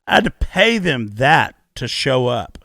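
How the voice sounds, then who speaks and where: A middle-aged man co-hosts a podcast in an unhurried but very animated way, swinging his fairly high voice up and down. His tone is bright and gravelly, and he swears and repeats words for emphasis. The sound is dry and close. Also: no echo. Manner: emphatic, profane storyteller who repeats key words. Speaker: podcast co-host. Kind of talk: casual podcast chat. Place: podcast studio.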